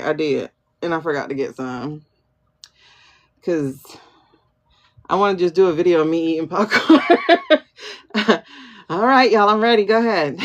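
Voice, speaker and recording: Chatty woman doing a livestream reading. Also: lowish voice. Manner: muses aloud, asks herself questions and answers them; chatty, thanks viewers by name. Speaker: tarot and pendulum reader, livestream host. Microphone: phone livestream.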